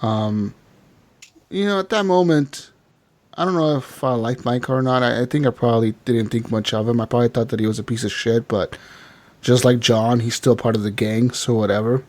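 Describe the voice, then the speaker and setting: A man's voice: mid-range voice, normal speed. A man co-hosting a podcast, recapping a game in casual chat, laughing often and acting out characters as he tells it. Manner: animated storytelling, acts out characters, swears often. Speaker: podcast co-host.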